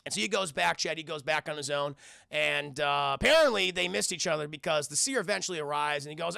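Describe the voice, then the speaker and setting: A man's voice: a little high, fast talker, creaky, bright, forceful tone, smooth, no room sound. A young man streaming a casual, profane film recap, rambling and often addressing his chat, on a close mic. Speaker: film reviewer streaming live.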